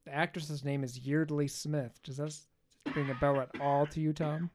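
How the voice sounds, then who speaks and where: A man's voice: fairly high pitch, flat delivery, normal speed, a little mellow. Profane, joking man recapping a movie. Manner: loose, profane, joking asides. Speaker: podcast host. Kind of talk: casual movie recap chat.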